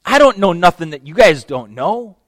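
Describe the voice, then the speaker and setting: A man's voice: high voice, very animated, moderate pace, dry recording. A man voicing a fearless, plainspoken beggar who was healed of blindness, in a sermon retelling. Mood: emphatic. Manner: plainspoken, emphatic storytelling.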